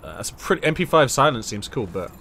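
A man's voice: mid-range voice, very animated, fast, vocal fry, pushed and bright, slight background noise. A man commenting casually on a video game as he plays, crude and joking. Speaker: gaming streamer.

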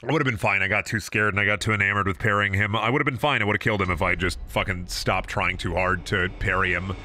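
A man streaming a video game, giving crude, joking, excitable commentary. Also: on the low side, fast talker, a little hiss or hum. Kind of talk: casual gaming commentary.

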